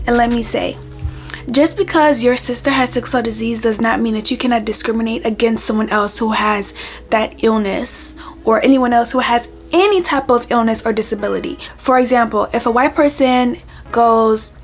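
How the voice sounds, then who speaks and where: A woman talking on her vlog, telling a story with lively quoted back-and-forth. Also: on the high side, normal speed, faint music behind. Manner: animated, retells arguments with quoted back-and-forth. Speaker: vlogger.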